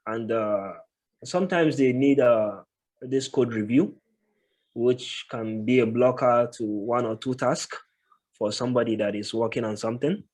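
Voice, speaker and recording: A man of medium pitch speaks as an interview guest over a call mic. He talks in a thoughtful, unhurried way and fills his pauses with "uh" as he builds each point. His tone stays conversational and steady. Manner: thoughtful, many filler pauses. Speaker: guest, tech professional. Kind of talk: casual interview answers.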